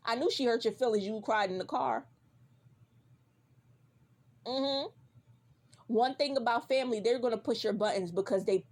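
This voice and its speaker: A woman's voice: medium pitch, darkish tone. Woman vlogger, casual reaction rant, heated and cussing, talks straight at the character. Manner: profane, heated, repeats for emphasis; addresses a character directly.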